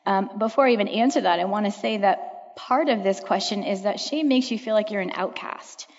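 A woman counselor talks to a church audience with earnest, reflective warmth and emphatic repetition. Her voice carries a long echo from a large hall. The recording is dull and lo-fi. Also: mid-range voice, brisk. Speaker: counselor answering audience questions. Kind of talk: church talk Q&A answer. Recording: echoey hall, dull lo-fi sound.

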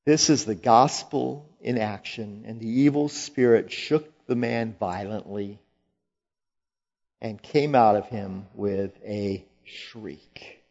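A man preaching a sermon slowly and emphatically, rising to loud, forceful quoted lines. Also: fairly low pitch, steady tone, gravelly, muffled recording.

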